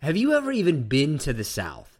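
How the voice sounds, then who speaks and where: A man's voice: on the high side, wildly swooping pitch, brisk, husky. A man hosting a talk show, teasing his co-host in dry, casual banter.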